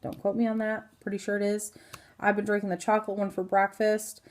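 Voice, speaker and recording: A woman's voice: mid-range voice, level tone, a little fast. A woman in her thirties from Indiana giving a rambling, casual health update to her phone camera, full of ums and self-corrections. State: hiccups. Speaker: vlogger.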